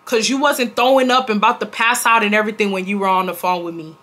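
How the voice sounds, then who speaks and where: Bright-voiced woman telling a story. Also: medium pitch, fast. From Houston, Texas. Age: 20s. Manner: animated and indignant, many "like" fillers. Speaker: vlogger. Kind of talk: storytime vlog.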